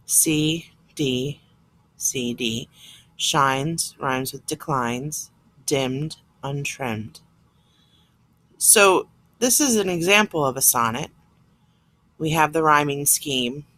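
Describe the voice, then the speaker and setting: A woman's voice: sits low, slow pace, long pauses, fairly bright tone. A woman teacher explaining a lesson plainly, step by step, recorded on a computer mic. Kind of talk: classroom lesson recorded on screen.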